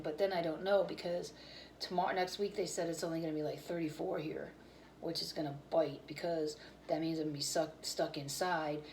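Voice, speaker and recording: A woman's voice: lowish voice, a little hiss or hum, poor audio. A woman hosting her own cooking channel, chatting casually and candidly with viewers while tired and yawning. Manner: rambling, candid, talks about fitness and feelings.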